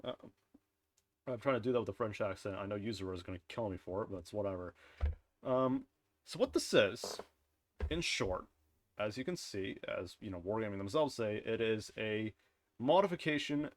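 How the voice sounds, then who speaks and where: A man's voice: fairly low pitch, expressive, normal speed. Offhand man rambling through a game review. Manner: rambling and offhand, often correcting himself mid-sentence; wry, chuckles at his own jokes. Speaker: game content creator reviewing a dev blog. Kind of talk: casual commentary over screen content.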